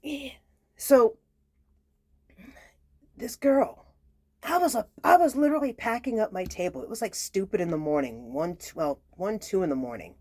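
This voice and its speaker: A woman, telling a personal story in a chatty, sassy way, talking straight to her viewers and sometimes dropping to a soft near-whisper. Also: mid-range voice, expressive, normal speed, long pauses, no echo. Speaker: tarot reader and channel host. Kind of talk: casual spoken storytelling.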